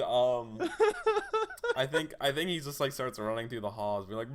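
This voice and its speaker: A man running a tabletop game as game master, narrating events in a halting, casual way with repeated starts. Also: medium pitch, a little hiss or hum.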